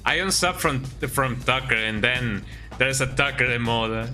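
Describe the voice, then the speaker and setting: A man streams a game and chats casually with his viewers, joking, rambling, and often ending lines with "eh?". His medium-pitched voice is a little slow with a sharp tone, and game music plays behind him.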